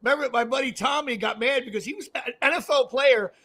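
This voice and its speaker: A man hosting a casual sports chat show, an excitable storyteller who laughs often and acts out what people said. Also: extremely high pitch, fast talker, breathy edge. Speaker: podcast host.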